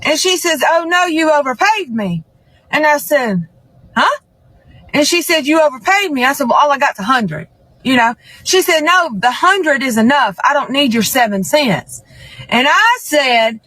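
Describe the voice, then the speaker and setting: A woman's voice: high-pitched, big pitch swings, moderate pace, sharp tone, no room sound, rough recording. A woman telling a rambling comic story, repeating herself and acting out both sides of the exchange. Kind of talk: comedic storytelling.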